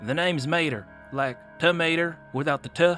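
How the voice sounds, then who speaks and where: A man's voice: fairly high pitch, moderate pace, sharp tone, soft background music, pitched above the performer's own voice. A man putting on an exaggerated, mocking country twang to play an American agent. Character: US agent in an over-the-top country drawl.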